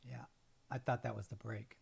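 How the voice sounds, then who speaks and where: A man's voice: medium pitch, little pitch movement, moderate pace, vocal fry, slight background noise. A man with the hiccups doing live trading commentary and muttering to himself, frustrated and cursing. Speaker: day trader streaming his trades.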